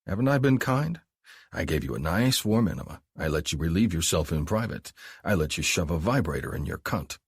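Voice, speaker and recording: A man voicing a controlling former soldier in an audiobook, speaking low and slow, often dropping to a hush. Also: animated, husky, no echo, clean studio sound, heavily acted. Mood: commanding.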